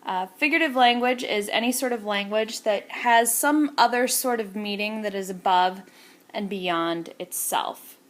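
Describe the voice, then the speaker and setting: A woman's voice: mid-range voice, unhurried. A young woman teacher explaining terms to students in a casual lecture, with many fillers. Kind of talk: recorded classroom lecture.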